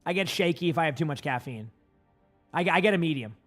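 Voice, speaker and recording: A man from Massachusetts without a regional accent, rambling casually to his live-stream chat with lots of filler words and quick answers to viewers. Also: a little high, animated, fairly bright tone, faint music behind.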